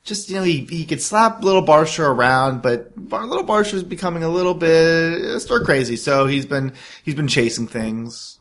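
A man's voice: a little high, lively intonation, normal speed, a bit bright. A man, a player, explaining his character in casual chat, joking in a mock-formal way.

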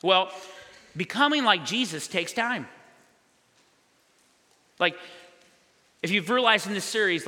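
A man's voice: high voice, expressive, takes it slowly, pauses often, sharp tone, in a large hall. A male pastor preaching a sermon in a loose, conversational way, acting out little scenes for his congregation. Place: church sanctuary.

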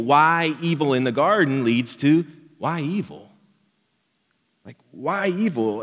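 A man's voice: mid-range voice, in a large hall. A man preaching a sermon as a pastor, in an easygoing, conversational way with light jokes.

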